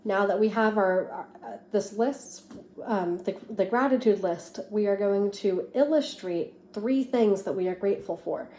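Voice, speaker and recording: A woman teacher reading a picture book aloud to a class with expressive, lively storytelling, then explaining an activity. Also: medium pitch, measured pace, roomy sound, slight background noise.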